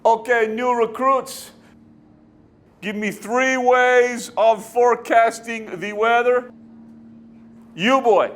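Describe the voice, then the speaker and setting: An actor playing a pompous, bossy senior weather forecaster who speaks stiff, halting formal English in a put-on accent. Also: male voice, very high voice, steady tone, a bit bright, full character voice. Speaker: comic actor. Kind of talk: amateur comedy sketch.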